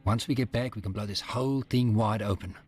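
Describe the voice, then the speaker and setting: An actor playing a determined younger brother in a leg brace, quiet and insistent, in a game. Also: male voice, lowish voice, brisk, husky, faint music behind. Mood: earnest.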